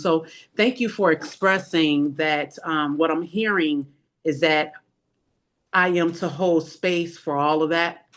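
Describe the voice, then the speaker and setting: A workshop participant reflecting aloud in a slow, searching way. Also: medium pitch, fairly bright tone. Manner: slow, thoughtful, searching for words. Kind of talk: reflective sharing in a group workshop.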